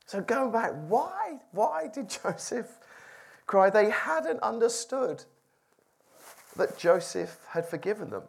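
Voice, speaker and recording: A preacher gives an informal Bible talk to a small group, reading a passage and chatting about it. The delivery is conversational and relaxed, with frequent questions to the listeners. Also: mid-range voice, slow pace, creaky, breathy edge. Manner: conversational, asks the audience questions.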